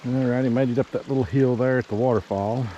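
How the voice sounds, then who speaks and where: A man's voice: mid-range voice, steady tone, quick pace, highs cut off, noisy background. A man, walking a piece of land outdoors and talking casually as a realtor, out of breath and rambling with many fillers. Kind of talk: casual walking property tour. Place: outdoors by a river and hillside.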